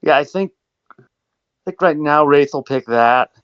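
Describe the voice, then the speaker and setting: A man's voice: a little high, a little slow, fairly bright tone, smooth, dry recording, dull audio. A man playing a tabletop game online, talking hesitantly with lots of fillers and restarts. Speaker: player. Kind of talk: casual tabletop play.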